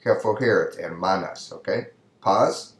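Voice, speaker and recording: A man's voice: low-pitched, measured pace, echoey room. A man teaching a Spanish grammar lesson, patiently explaining each answer step by step in English and Spanish. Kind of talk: recorded classroom lesson.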